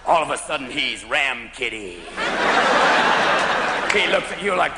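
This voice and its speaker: A man's voice: medium pitch, expressive, a little slow, gravelly, pauses often, heavy background noise. A man doing a stand-up comedy routine with manic energy, jumping into silly character voices. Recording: live show, echoey room, loud crowd laughter.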